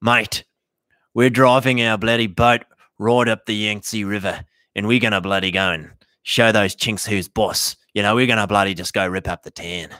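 A man putting on a loud, brash Australian bogan voice, blustering with swaggering slang. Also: lowish voice, steady tone, moderate pace, dry recording, studio quality. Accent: put-on Australian.

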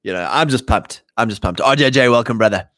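A man's voice: medium pitch, expressive, fast, fairly bright tone, no room sound, studio quality. A man preaching casually to a live chat, emphatic and slangy, often mimicking imagined voices. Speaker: Christian livestream host.

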